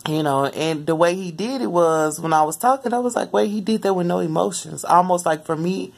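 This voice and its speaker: A mother telling the story of a dream in casual, rambling vlog talk, often jumping into lively quoted asides. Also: lowish voice, brisk, gravelly. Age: adult mother. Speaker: spiritual vlogger.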